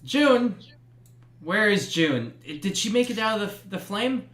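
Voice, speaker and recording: A man's voice: sits high, lively intonation, measured pace, roomy sound, crowd noise, pitched above the performer's own voice. A man voicing a flustered male homeowner who is startled to find strangers in his house, firing off indignant questions. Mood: anxious.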